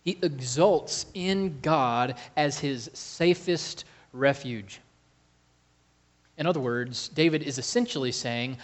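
A man preaching a sermon, slow and emphatic, calling to the congregation for amens. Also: fairly high pitch, expressive. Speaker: pastor.

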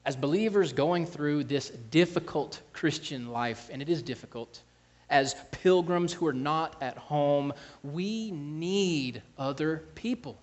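A man's voice: a little high, measured pace. A man preaching a sermon as pastor, earnest, with frequent restarts and scripture reading.

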